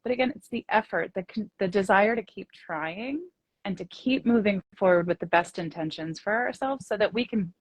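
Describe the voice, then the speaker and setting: A woman co-hosts a spiritual chat, offering encouragement and vivid metaphors in a motivational tone. Her voice is mid-pitched and recorded dry and close, with no room echo. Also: moderate pace, breathy edge. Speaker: co-host.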